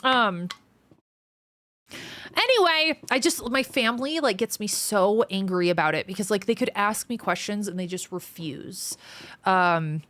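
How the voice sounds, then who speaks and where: A woman's voice: medium pitch, a bit bright, no echo. A woman streaming live, chatting casually and reading viewer comments aloud, a surgical trainee with a frank, profane way of talking. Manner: frank, profane, quick to vent.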